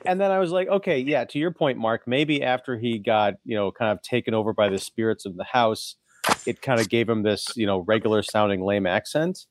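A man's voice: on the low side, brisk, a little hiss or hum. A man co-hosting a casual movie podcast, talking in a wry, sarcastic way with casual swearing. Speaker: podcast co-host.

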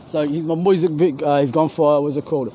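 A man's voice: on the high side, fairly even intonation, brisk, warm tone, a little hiss or hum, low-quality recording. A man rambling in casual, profane slang, often searching for his words, outdoors on a university campus. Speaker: podcast co-host. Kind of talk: casual profane street chat.

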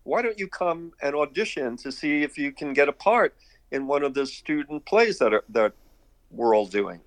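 A man's voice: a little high, animated, moderate pace, pitched above the performer's own voice, rough recording. A man voicing a brash young male theater student with a Brooklyn accent, blunt and street-casual, in a retold conversation. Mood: friendly.

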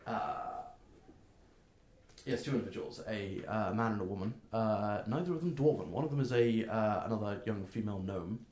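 A man narrating as game master of a tabletop game, talking haltingly with many fillers. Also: on the low side, animated, a little mellow. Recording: roomy echo.

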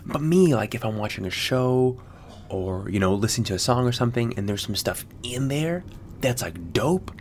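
A man's voice: medium pitch, animated, normal speed, a little mellow, slight background noise. An American man hosting a podcast, rambling casually with lots of fillers and swearing. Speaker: podcast host. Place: Sydney.

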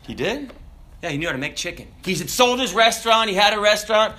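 A male pastor preaching an animated sermon, acting out voices and breaking into shouts. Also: sits high, fast talker.

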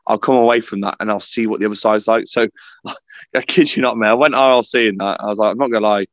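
A young man, a podcast guest, telling army stories in a casual, sweary, animated way. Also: on the low side, quick pace, no echo, lo-fi sound. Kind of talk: casual storytelling chat.

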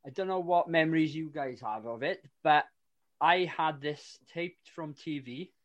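A man's voice: a little high, a little slow. A man hosts a casual film podcast. He chats enthusiastically, trailing into fillers and restarts as he reminisces. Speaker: podcast host.

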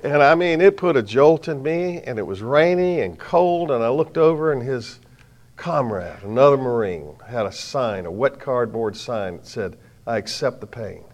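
Middle-aged male preacher, mid-pitched voice, lively storyteller before a crowd, jokes at his own expense, drops to soft asides then punches lines out loud. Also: moderate pace. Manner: lively storytelling, swings from soft asides to loud bursts, self-mocking humor. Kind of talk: sermon. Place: before a live audience.

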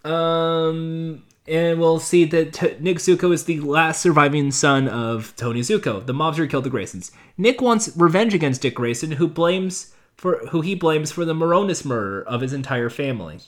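A man's voice: on the high side, normal speed. A man casually recapping a TV episode, rambling with sarcastic asides. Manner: rambling, with many fillers and restarts. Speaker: show reviewer.

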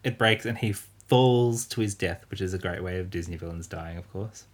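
A man's voice: deep voice, normal speed. A man casually recapping a film, rambling, swearing and acting out quotes. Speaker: podcast co-host.

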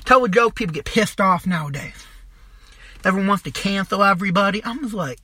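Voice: medium pitch, a little fast, sharp tone, slightly rough, no echo. A young adult podcast host delivering a crude, mocking comedic rant, swearing constantly and trailing off into restarts.

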